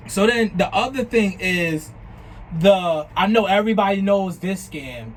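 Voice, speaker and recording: High-voiced young man telling a story. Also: unhurried, slight background noise, rough recording. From New Jersey. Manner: animated, profane, retelling chats with quoted lines. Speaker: vlogger. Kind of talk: casual storytime.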